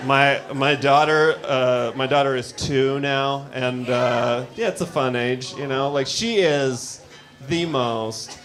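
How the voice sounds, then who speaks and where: A man's voice: medium pitch, slow pace, fairly bright tone. A man in his thirties doing a casual stand-up set on a comedy club stage with a handheld mic, talking in a laid-back, rambling way. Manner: laid-back, conversational, lots of "like" and "you know". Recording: noisy live club recording. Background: audience laughter and club ambience.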